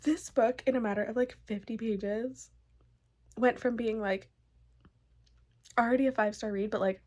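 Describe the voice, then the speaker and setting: A woman's voice: a little high, normal speed, mellow. A young woman book vlogger chatting casually, gushing and emotional, filling her talk with "like". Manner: gushing, emotional, lots of "like" fillers. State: tearful, crying happy tears. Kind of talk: casual vlog chat.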